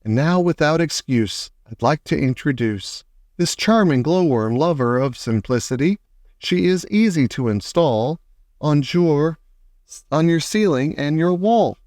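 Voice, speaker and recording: A man's voice: fairly high pitch, expressive, a little slow, dry recording, studio quality. A man reading aloud voices a friendly young boy who recites playful verses. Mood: reciting. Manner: bright, welcoming, sing-song verse.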